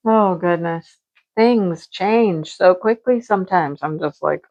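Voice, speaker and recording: A woman chatting casually at home as a crafting vlogger, animated and talkative, acting out her own past remarks. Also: medium pitch, unhurried, lo-fi sound. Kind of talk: casual chat about crafts and home life.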